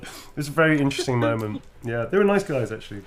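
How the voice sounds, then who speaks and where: A man's voice: medium pitch, quick pace. A middle-aged man with a British accent, talking casually while he signs autographs on a livestream. He laughs through his stories and swears freely. His voice sits in the middle of a man's range. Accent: British English. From Britain. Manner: laughs often, swears freely, animated storytelling. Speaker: actor signing autographs. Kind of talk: casual chat during a livestream signing.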